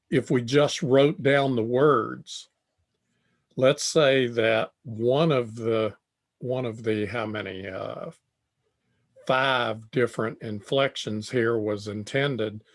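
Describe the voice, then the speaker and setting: An older man giving a tutorial lecture on communication, speaking deliberately and repeating phrases as he thinks. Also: medium pitch. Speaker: tutorial presenter.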